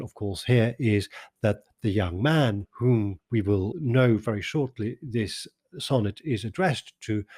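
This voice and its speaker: A man hosting a poetry podcast, explaining a sonnet line by line in a measured, precise lecturing manner. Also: mid-range voice, a little mellow, slightly rough. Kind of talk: explanatory commentary on verse.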